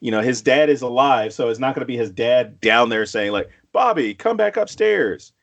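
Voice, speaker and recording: A man's voice: medium pitch, fairly even intonation, brisk, muffled recording. A man co-hosting a podcast, rambling casually about a horror film, swearing and acting out lines from it. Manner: rambling, profane, acts out quotes. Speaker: podcast co-host.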